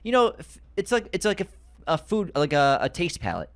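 A man with a Boston accent co-hosting a podcast in casual, joking chat, laughing often and talking in quick bursts. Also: a little high, huge pitch swings, a bit bright. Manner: jokey, laughs a lot, talks in quick bursts. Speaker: podcast co-host.

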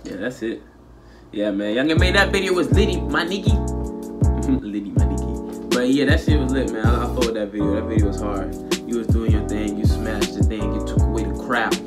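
A man's voice: lowish voice, a little fast. A young man from South Florida hosting a reaction video, talking in a loose, slangy way with lots of fillers. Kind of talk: casual reaction commentary. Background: loud music playing.

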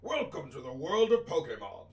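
A man's voice: mid-range voice, wildly swooping pitch, normal speed, gravelly, voice pushed down. A man reading a formal, kindly older male Pokémon professor's game dialogue aloud in a character voice, over game music. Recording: roomy distant mic with game music.

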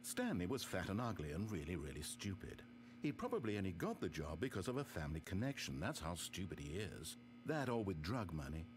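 A man's voice: low-pitched, sing-song, fairly quick, noisy background. A man voicing a dry, sardonic narrator in a game, with wry, theatrical, exasperated asides. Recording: game audio with music behind.

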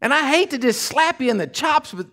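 Pastor guy preaching, folksy storytelling, voice way up high. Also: animated, brisk. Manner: folksy storytelling, swings from hushed asides to shouting. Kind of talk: sermon.

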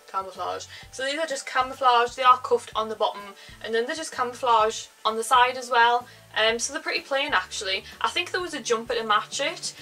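Young North East English woman, higher voice, chatty haul vlogger, faint music behind. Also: sharp tone, low-quality recording. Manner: rambling, filler-heavy, says "like" often. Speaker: fashion vlogger. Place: home, indoors.

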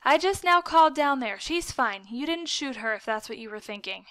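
A woman voicing a frazzled, strict mother who scolds in an exasperated, brisk way. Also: sits high, expressive, fairly bright tone, no room sound. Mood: matter-of-fact.

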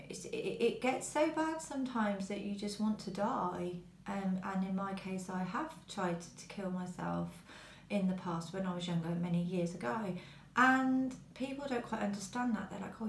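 A woman speaks earnestly to camera in a personal talk, halting with many pauses. Her voice sits at an ordinary middle pitch. The room around her is roomy and echoey. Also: creaky. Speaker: vlogger. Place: quiet home.

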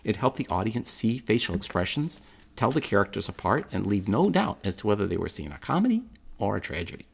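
Actor doing a brooklyn guy talking straight to the crowd, streetwise and blunt, low husky voice that jumps all over. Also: big pitch swings, brisk, exaggerated voice. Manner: streetwise, chatty and direct. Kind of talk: theatrical monologue to the audience.

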